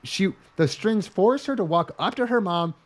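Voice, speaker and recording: A man's voice: high voice, animated, normal speed. A man co-hosting a podcast, recapping an anime in casual, joking, profane chat. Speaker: podcast co-host reviewing an anime.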